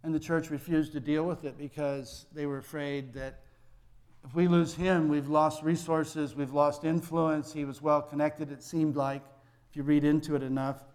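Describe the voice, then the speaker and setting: Male pastor, fairly high voice, conversational sermon with acted dialogue, long church reverb. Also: little pitch movement, normal speed, a little mellow.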